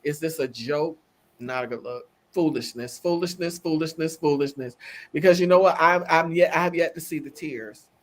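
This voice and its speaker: A woman co-hosting a casual talk show, animated and emphatic, repeating words for effect. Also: deep voice, normal speed. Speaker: co-host. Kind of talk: casual chat.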